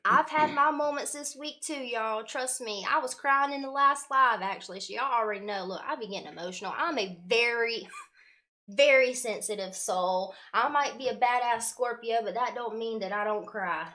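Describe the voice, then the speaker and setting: A young woman who hosts a spiritual livestream, chatting casually and greeting viewers warmly by name with the odd swear word. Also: on the high side, moderate pace. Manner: casual slangy speech, swears now and then. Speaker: spiritual livestream host and card reader.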